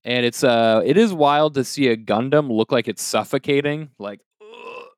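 A man's voice: medium pitch, normal speed, smooth, dry recording, clean studio sound. A young man co-hosting a podcast, casually recapping an anime episode with jokes and fillers. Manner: joking, rambling recap with fillers. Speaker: podcast co-host.

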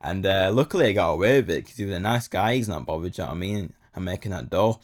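A young man tells a casual story in a slightly low voice. He talks in slang and repeats phrases for effect. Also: animated, fast.

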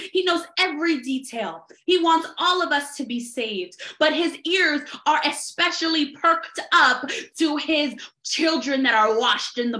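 A woman delivers a sermon in a high, bright voice, full of fervor. She moves from loud declarations to hushed near-whispers. The room gives her voice a noticeable echo. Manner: fervent, varies pace and volume, drops to near-whisper at times. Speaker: preacher.

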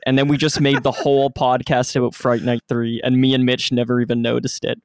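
A man's voice: mid-range voice, level tone, fairly quick, no room sound. Male co-host in his twenties, playful banter, dry recording. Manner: jokey, playful. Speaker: podcast co-host. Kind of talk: casual podcast chat.

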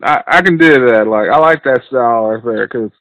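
A man's voice: mid-range voice, normal speed, a bit bright, no room sound, low-quality recording. A man hosting a podcast, chatting casually and agreeing easily with his guest. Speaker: podcast host.

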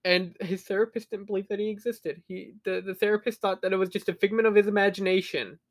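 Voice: medium pitch, steady tone, fast. Podcast co-host, casual rambling storyteller, filler words and swearing throughout.

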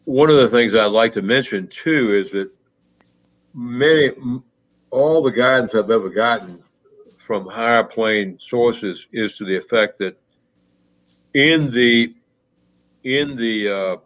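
A man telling a personal story in a reflective, conversational way, pausing often with fillers and restarts. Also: a bit bright. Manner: halting, many restarts and fillers. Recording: muffled low-fidelity audio.

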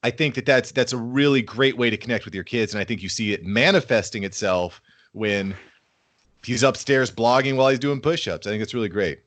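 A man in his thirties guesting on a casual podcast, his voice at an ordinary middle pitch. He talks upbeat and enthusiastic, warming to his subject as he goes. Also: brisk. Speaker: podcast guest, fatherhood brand founder. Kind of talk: casual interview conversation.

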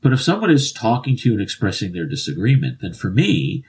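A man's voice: lowish voice, wildly swooping pitch, quick pace, a little mellow, slightly rough. A man co-hosting a political podcast who once ran for office, making his points earnestly and at length. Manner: earnest, argues in long stretches with restarts. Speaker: podcast co-host, former political candidate. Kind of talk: casual political chat.

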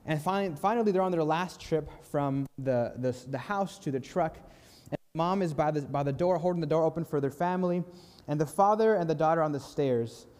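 A young man preaching in a church, with a somewhat high but mellow voice. He tells his story calmly and earnestly, easing into softer, slower lines when he makes a point. Long reverb from the sanctuary trails after his words. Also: clean tone. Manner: calm, earnest, slows and softens on key lines. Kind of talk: sermon with storytelling.

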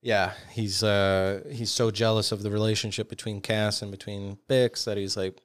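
A man's voice: lowish voice, level tone, moderate pace, no room sound, clean studio sound. A man co-hosting a casual podcast, thinking aloud with plenty of ums and uhs. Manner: rambling with many ums and uhs. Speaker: podcast co-host. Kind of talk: casual chat.

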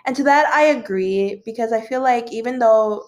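A woman's voice: a little high, normal speed, a little mellow. Young woman host, casual rambling gossip chat, filler-heavy. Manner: rambling, filler-heavy, yawns now and then.

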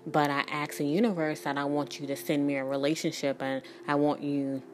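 A woman's voice: sits low, level tone, a little fast. A woman in her thirties, a spiritual reader and energy worker, talking candidly and bluntly in a rambling, emphatic way and swearing freely. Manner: rambling, many restarts and "like". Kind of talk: candid spiritual vlog talk.

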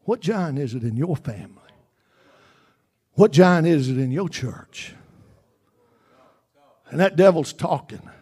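A man preaching a sermon in a fervent, repetitive style that builds toward shouting. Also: a little high, animated, unhurried, long pauses, breathy edge.

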